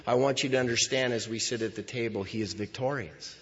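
A man preaching a sermon as pastor in a church, moving between hushed lines and loud cries. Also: mid-range voice, a little fast, a little hiss or hum. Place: church sanctuary. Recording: dull sound with long hall reverb.

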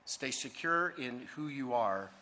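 Emphatic preacher with a bright voice in a reverberant hall. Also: male voice, mid-range voice, animated, slow. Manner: emphatic, asks the congregation to fill in words. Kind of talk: sermon.

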